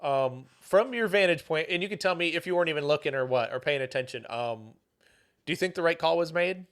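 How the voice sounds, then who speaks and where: A man's voice: a little high, a little fast, a bit bright, clear, resonant tone. A man hosting a podcast, easygoing, asking questions and backing the guest with frequent "mm-hmm"s. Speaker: podcast host. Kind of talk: casual podcast chat.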